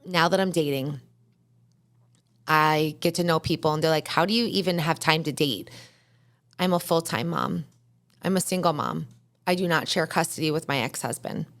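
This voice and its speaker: A woman's voice: low voice, moderate pace, pauses often, fairly bright tone. Candid, blunt woman podcast host. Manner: candid, blunt, uses profanity. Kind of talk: motivational podcast monologue. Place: podcast studio.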